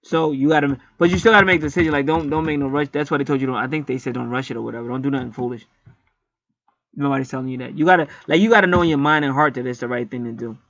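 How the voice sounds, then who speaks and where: An astrology reader talks very fast in a medium-pitched, slightly bright voice as he reads a chart aloud. His monologue rambles, jokes, and swears freely. The lo-fi recording is a little muffled but has no room sound.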